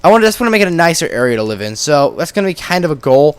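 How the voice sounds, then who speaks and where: A young man hosting casual gameplay commentary, talking in an excitable, rambling, jokey way and poking fun at himself, a little congested from a cold. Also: a little high, rapid-fire, clean tone, no echo. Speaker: Minecraft let's-play host.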